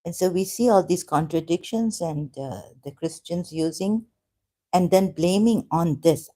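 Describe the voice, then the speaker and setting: Mellow, halting Urdu-native speaker. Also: mid-range voice. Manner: hesitant, halting, with many fillers and restarts. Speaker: ex-Muslim vlogger. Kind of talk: casual religious monologue.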